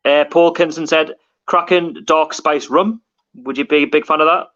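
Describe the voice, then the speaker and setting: A man hosts a casual live stream, chatting and reading viewer comments aloud. His voice sits a little high. The audio is dull and lo-fi. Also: fairly even intonation, normal speed, a bit bright. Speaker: livestream host.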